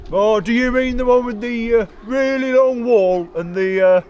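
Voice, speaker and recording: An actor playing a deferential, hesitant young British army private in a comedy sketch. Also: male voice, extremely high pitch, moderate pace, a little mellow, muffled recording, a little hiss or hum. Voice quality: deferential, hesitant, keeps saying sir.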